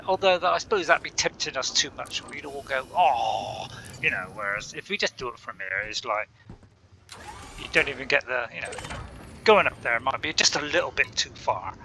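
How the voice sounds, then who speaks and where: A man's voice: medium pitch, lively intonation, fairly quick, sharp tone, a little hiss or hum. A man rambling casually through gameplay commentary, chatty and laughing often, talking to himself. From Bristol, England. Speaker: gaming channel host.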